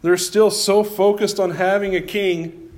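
A man's voice: high-pitched, little pitch movement, measured pace, a little mellow, reverberant. A man preaching a sermon as pastor, talking in a folksy, self-deprecating way and often repeating his words.

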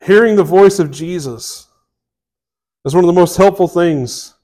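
A man delivers a sermon. His voice sits a bit high for a man, and he talks in a casual, folksy way, breaking off into asides and restarts. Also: a little slow, mellow. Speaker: pastor.

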